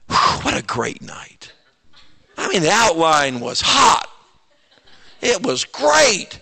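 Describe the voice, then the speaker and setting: A man preaching a sermon as pastor, telling animated, self-mocking stories with sudden shouts. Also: a little high.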